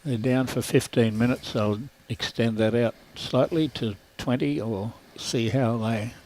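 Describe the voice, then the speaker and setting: A man's voice: mid-range voice, steady tone, unhurried, a little mellow, rough recording. Australian man calling lawn bowls. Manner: dry, joking banter between calls. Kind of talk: live sports commentary.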